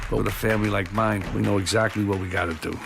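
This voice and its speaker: A gruff ex-mobster dad. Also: male voice, on the low side, steady tone, fast. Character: gruff middle-aged male ex-mobster, family man. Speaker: film character in a trailer. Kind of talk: film dialogue and trailer voice-over. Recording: film trailer audio under loud music.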